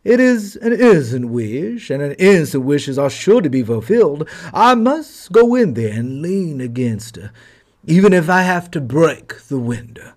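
A man's voice: a little high, sing-song, moderate pace, darkish tone. A man voicing a wistful male snowman who longs for a stove. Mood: yearning. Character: longing, melting male snowman.

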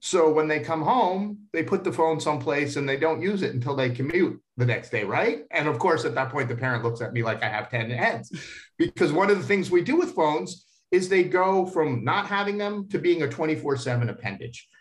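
A man's voice: fairly high pitch, animated, brisk. A middle-aged man, an expert guest and parent, answering interview questions earnestly, repeating words as he thinks aloud.

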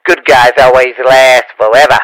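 A man's voice: medium pitch, fairly even intonation, normal speed, a bit bright, no room sound, rough recording. A man from Louisiana with a Cajun accent, chatting as a podcast guest in a rambling, stammering way with playful rhymes. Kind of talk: casual podcast banter.

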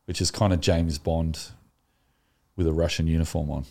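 Deep-voiced man, enthusiastic. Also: normal speed. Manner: enthusiastic, animated storytelling. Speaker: podcast co-host. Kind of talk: casual chat.

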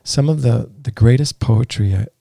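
A man's voice: medium pitch, moderate pace, creaky, dark tone, no room sound, studio quality. A man hosting a conversational interview, asking long, rambling questions with many restarts. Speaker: podcast host.

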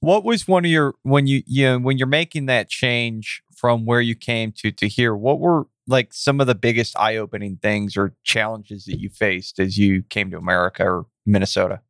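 A man's voice: on the low side, normal speed, hardly any pauses, a bit bright, no echo, clean studio sound. A man co-hosting a podcast, making jokey, self-deprecating asides and asking casual questions. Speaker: podcast co-host. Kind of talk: casual interview.

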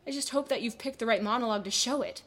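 A woman's voice: fairly high pitch, racing, fairly bright tone, soft background music. A woman voicing a nervous seventeen-year-old girl on her way to an audition, muttering an anxious, self-scolding inner monologue. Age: teens.

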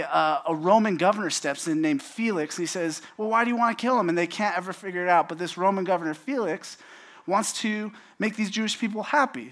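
Animated young male preacher. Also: a little high. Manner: animated storytelling, acts out quotes. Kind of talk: casual sermon.

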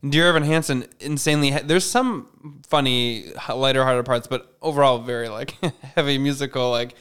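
A man's voice: medium pitch, moderate pace, a bit bright, clear, resonant tone. A man co-hosting a podcast in casual chat, rambling and correcting himself, often laughing. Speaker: podcast co-host.

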